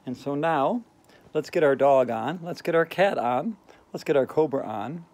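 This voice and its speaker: A man's voice: on the high side, lively intonation, moderate pace, darkish tone. A man playing a giddy, quirky female yoga teacher who keeps breaking into giggles as she leads a comedic lesson. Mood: chirpy. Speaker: yoga instructor.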